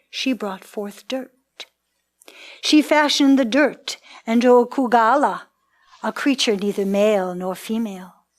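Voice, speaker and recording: A woman telling a myth in a ritual storytelling performance, in a dramatic, incantatory way. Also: mid-range voice.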